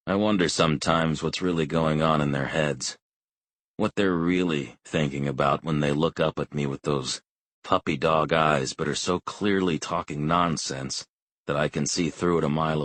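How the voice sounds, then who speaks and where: Very deep-voiced male audiobook narrator. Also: no room sound. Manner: calm, measured first-person reading. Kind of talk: scripted narration.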